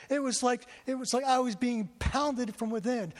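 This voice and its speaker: A man's voice: extremely high pitch, moderate pace, hardly any pauses. A man preaching a sermon to a congregation, telling his story with feeling and often repeating himself. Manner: emotional storytelling, repeats words. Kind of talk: sermon testimony. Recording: long hall reverb.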